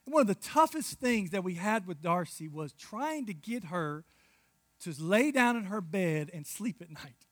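A man in his thirties preaching a sermon, telling stories with big swings from hushed asides to loud outbursts. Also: high-pitched, lively intonation, unhurried, dry recording. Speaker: pastor.

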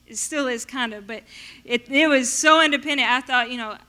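A woman telling her personal faith testimony in an animated storytelling way. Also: high voice, fairly quick. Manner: animated storytelling, acting out her past self in quotes. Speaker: speaker sharing a testimony.

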